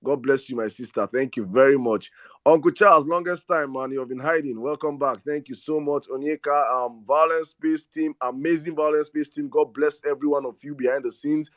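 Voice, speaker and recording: A man's voice: on the high side, fairly quick, no echo, studio quality. A man with a Nigerian accent hosting a live online audio space, speaking with passion, often repeating words and slipping into Pidgin. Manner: impassioned, repeats words and restarts; slips into Pidgin. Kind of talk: rallying live-stream talk.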